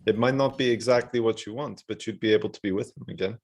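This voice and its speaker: A man voicing a calm adventurer bargaining firmly. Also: fairly low pitch. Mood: coaxing. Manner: measured, reassuring, firm.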